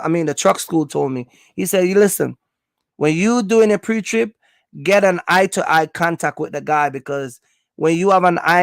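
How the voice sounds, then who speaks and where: Jamaican man, livestreamer at home, a bit high and gravelly, rambling with fillers, stern when warning viewers. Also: no echo, studio quality. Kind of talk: casual storytelling on a livestream.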